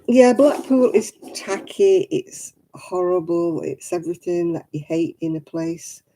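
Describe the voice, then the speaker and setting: A woman's voice: lowish voice, a little slow, warm tone, slight background noise, low-quality recording. A middle-aged woman, hosting a casual craft livestream, chatty and candid with frequent laughs. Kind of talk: casual live chat while knitting.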